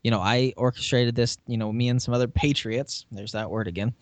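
A man's voice: mid-range voice, fairly even intonation, fairly quick, no room sound. Podcast guy rambling thru an episode recap, lots of you knows, dry sound. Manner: chatty, laughs, fillers like you know. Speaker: podcast co-host. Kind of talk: casual chat recapping a TV episode.

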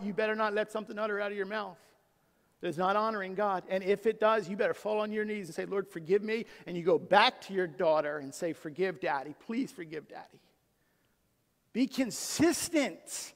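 A middle-aged man, a pastor, preaching a sermon with emphasis, swinging from loud to hushed. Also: sits high. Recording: long hall reverb.

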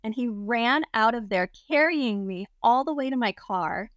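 A woman guest telling a story in a casual, lively way. She laughs often and acts out the people she quotes. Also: on the high side, measured pace, no room sound, studio quality. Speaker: interview guest.

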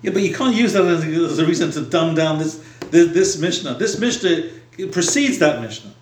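Insistent high-voiced man, heard from afar. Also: animated, normal speed, recorded from a distance, slight background noise. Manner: insistent, argumentative. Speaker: study partner. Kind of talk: Talmud study debate. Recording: echoey room, away from the mic.

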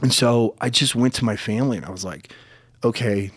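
A middle-aged man telling a personal story in conversation, candid and halting, at times close to tears. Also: medium pitch, husky, no room sound. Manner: candid, halting, gets emotional. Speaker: podcast guest.

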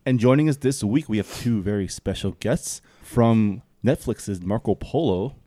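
Laid-back lowish male podcast host. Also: normal speed, warm tone, dry recording. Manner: easygoing, laughs often, chatty. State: tired. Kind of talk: casual podcast chat.

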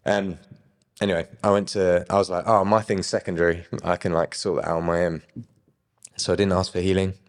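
A young man casually telling his personal faith story, with lively quoted dialogue and chuckles. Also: deep voice, a little fast, long reverb tail. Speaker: guest sharing his faith testimony.

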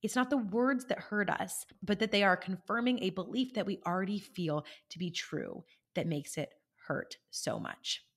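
Woman podcast host, coachy and chatty, animated storytelling, asks listeners if it makes sense. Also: medium pitch, normal speed, hardly any pauses. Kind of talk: conversational coaching monologue.

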